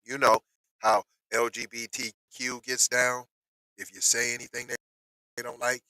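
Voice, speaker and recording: A man casually commenting on news he reads aloud, slangy and animated, with excited outbursts, on a close mic in a dry small room. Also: mid-range voice, normal speed, dry recording, poor audio.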